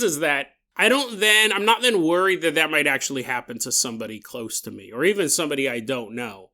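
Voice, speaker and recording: A man's voice: on the high side, brisk. A man hosting a podcast, telling a strange story in a casual, joking way and acting out scenes. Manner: animated, joking, acts out scenes. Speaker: podcast host.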